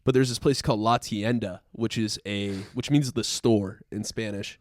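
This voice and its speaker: A man's voice: lowish voice, normal speed, no echo, clean studio sound. A young man in casual podcast banter, telling rowdy stories with lots of swearing. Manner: profane, animated storyteller. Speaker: podcast co-host.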